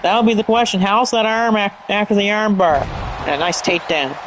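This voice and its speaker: A man calling a wrestling match play by play, energetic and shouting at big moves, often tripping over move names and correcting himself. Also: high-pitched, fairly quick, over music. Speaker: play-by-play commentator. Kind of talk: excited play-by-play commentary.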